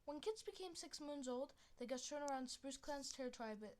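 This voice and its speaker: A woman's voice: high-pitched, lively intonation, brisk. A woman reading an animal adventure story aloud in an unpolished way, restarting lines and adding chatty asides.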